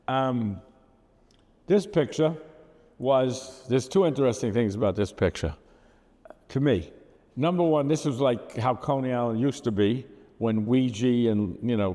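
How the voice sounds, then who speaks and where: A man's voice: fairly low pitch, warm tone, long reverb tail. An older man with a Brooklyn accent talking bluntly about his photographs, rambling with asides and fillers. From United States.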